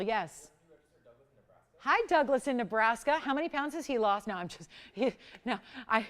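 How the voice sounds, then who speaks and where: A woman hosting a live jewelry shopping show, effusive and gushing with exclamations as she pitches pieces in a studio. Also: animated, moderate pace, pauses often, a bit bright. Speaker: shopping channel host.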